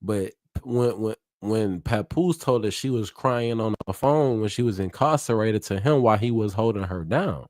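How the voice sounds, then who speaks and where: A man's voice: fairly low pitch, moderate pace, hardly any pauses, darkish tone, no echo, studio quality. A man hosting a live reaction stream, chatty and hyped, often laughing and swearing freely. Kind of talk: casual live reaction commentary.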